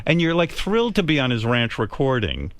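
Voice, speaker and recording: Blunt, animated male radio host. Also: mid-range voice, dry recording. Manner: teasing, blunt, quick follow-up questions. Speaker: radio talk show host. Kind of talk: probing interview banter. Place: radio studio.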